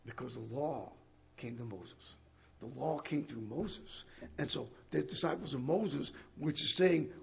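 High, gravelly-voiced male preacher. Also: a little mellow. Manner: conversational, rhetorical questions to the congregation. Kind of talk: sermon with Bible reading.

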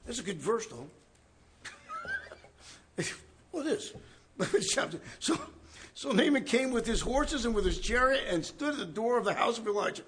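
A man preaching a conversational Bible study, animated and chuckling, often checking in with the listeners. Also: very high-pitched, moderate pace, pauses often, a little hiss or hum. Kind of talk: conversational sermon.

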